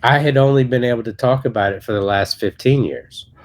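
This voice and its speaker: A man in his thirties, an associate pastor, telling his personal testimony in a podcast interview in a halting, earnest way with many restarts. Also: mid-range voice.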